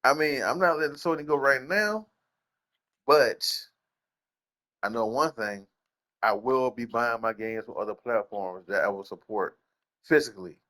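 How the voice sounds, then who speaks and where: Here the same kind of young gaming host speaks at a measured pace with long pauses, his tone bright and forceful. He rants in casual slang, says things over again, and his pitch leaps when he can't believe something.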